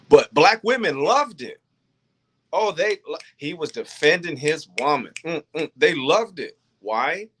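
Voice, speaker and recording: A man's voice: mid-range voice, a bit bright. A man hosting a faith-based talk show, speaking earnestly with frequent ums and restarts. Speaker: host. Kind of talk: monologue on faith and manhood.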